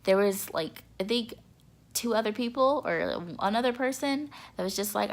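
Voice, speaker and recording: A young woman vlogging in a casual chat to camera, excitable and repetitive, with a stuffy nose. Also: mid-range voice, moderate pace, vocal fry. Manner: chatty, excitable, repeats words for emphasis.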